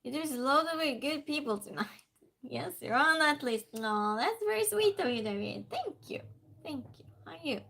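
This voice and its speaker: Woman, stream host; chatty, laughs easily, greets viewers by name, pitched a bit high. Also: lively intonation, normal speed, creaky, pushed and bright. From Sweden. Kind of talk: casual livestream chat, reading viewer comments aloud.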